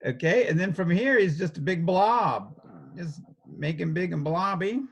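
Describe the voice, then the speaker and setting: A man's voice: high-pitched, animated, unhurried, breathy edge. A man teaching a casual step-by-step drawing lesson, talking playfully as he sketches and chuckling often.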